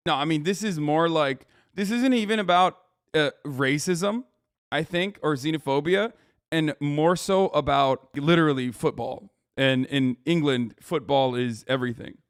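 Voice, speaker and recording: A male streamer talking casually and profanely, breaking into laughs and filler words as he reacts. His voice sits a bit above average pitch, and it is recorded close and dry with no room sound. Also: measured pace, clear, resonant tone, no room sound. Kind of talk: casual live-stream commentary.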